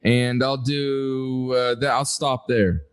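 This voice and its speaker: A man co-hosting a podcast in casual chat, unhurried and hesitant, with many fillers. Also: mid-range voice, steady tone, clean tone. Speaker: podcast co-host.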